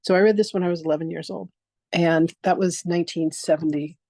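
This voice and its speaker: A woman's voice: lowish voice, steady tone, fairly quick, dark tone, dry recording. A woman in her sixties teaching a live online masterclass on spiritual practice. She tells stories with animation, acts out quoted exchanges, and speaks frankly and emphatically, sometimes swearing. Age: 60s.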